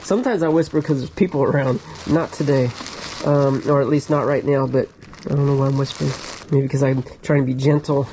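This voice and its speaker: A man hosting a vlog who excitedly shows off his storage locker finds and thinks aloud as he goes, recorded on a camera inside a storage locker. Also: mid-range voice, a little fast, a little hiss or hum, low-quality recording. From United States. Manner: enthusiastic, thinks aloud, drops into whispers. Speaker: storage locker reseller and channel host. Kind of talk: casual vlog, excited show-and-tell of finds. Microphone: GoPro camera.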